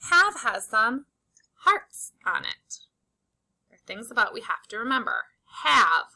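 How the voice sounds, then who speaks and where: A woman teaching a slow, patient phonics lesson to young children, stretching out and repeating each word for emphasis. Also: on the high side, animated, sharp tone, poor audio. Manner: drawn-out, emphatic word repetitions.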